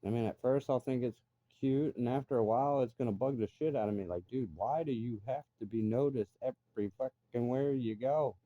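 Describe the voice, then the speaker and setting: A man's voice: medium pitch, fairly quick, few pauses, mellow, no room sound, muffled recording. A middle-aged man ranting bluntly and profanely in a casual monologue. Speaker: vlogger.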